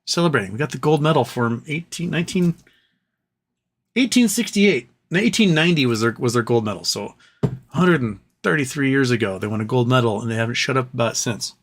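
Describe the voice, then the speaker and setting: A man's voice: mid-range voice, lively intonation, a little fast. A man hosting a casual livestream, reading viewer messages aloud and joking and rambling between them. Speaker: livestream host reading super chats.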